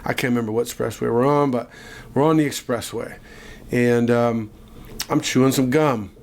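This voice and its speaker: A man co-hosting a casual podcast, telling a childhood story with animated asides. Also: medium pitch, normal speed, a little hiss or hum. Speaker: podcast co-host.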